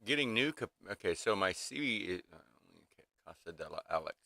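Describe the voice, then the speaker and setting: A man's voice: low voice, lively intonation, a little fast, vocal fry, bright, forceful tone, no echo, studio quality. A man in his fifties venting casually to his livestream chat in a rambling way, full of restarts and fillers, from a small home workshop room. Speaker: livestream host.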